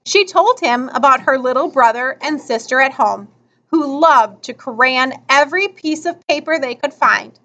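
A woman reading a children's story aloud in an expressive storytelling style. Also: high-pitched, moderate pace. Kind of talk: children's book read aloud. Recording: slightly muffled recording.

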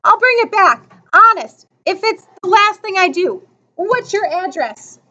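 A woman's voice: very high-pitched, big pitch swings, slow, a bit bright, dull audio, pitched above the performer's own voice, full character voice. A woman voicing an eager, pleading young boy. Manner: begging, insistent.

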